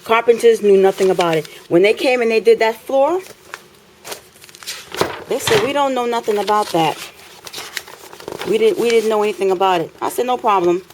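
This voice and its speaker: A woman's voice: medium pitch, normal speed, pauses often, noisy background. A woman, filming an impassioned complaint in her apartment, talking indignantly and repeating phrases for emphasis.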